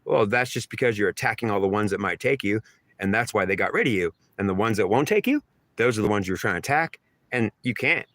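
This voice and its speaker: A man's voice: fairly low pitch, expressive, fast talker, a bit bright, no room sound. A man delivering a rambling, repetitive spiritual monologue in an emphatic, stream-of-consciousness way. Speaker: channeler giving spiritual messages.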